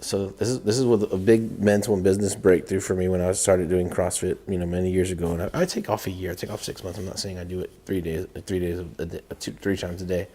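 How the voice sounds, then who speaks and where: A man co-hosting a podcast, talking casually and telling animated stories. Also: low-pitched, fast talker, few pauses, husky. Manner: animated storyteller who acts out his own inner voice. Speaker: podcast co-host.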